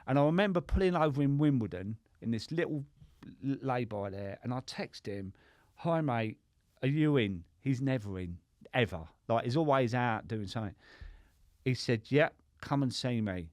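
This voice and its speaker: This podcast guest, a middle-aged man who works as a sobriety coach, has a mid-range, darkish voice and speaks animatedly at a moderate pace. His storytelling is chatty and profane, peppered with "right?". The recording is dry and studio quality.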